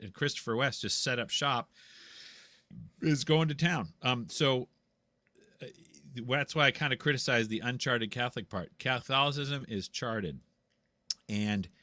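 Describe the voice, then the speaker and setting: A man's voice: lowish voice, sharp tone, no room sound. A man in a casual debate, speaking bluntly and insistently in a preachy, lecturing way. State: tired after a long talk. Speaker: guest.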